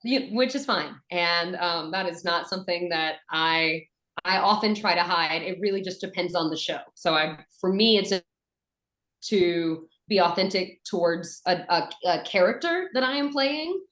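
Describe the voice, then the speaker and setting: A chatty woman with a softened Western North Carolina Southern accent talks in an interview, her voice sitting a little low. She restarts her sentences and fills them with ums. The room has a noticeable echo. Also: moderate pace. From Western North Carolina, USA. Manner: chatty, animated, with fillers and restarts. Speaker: voice actress and dialect coach. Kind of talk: conversational interview.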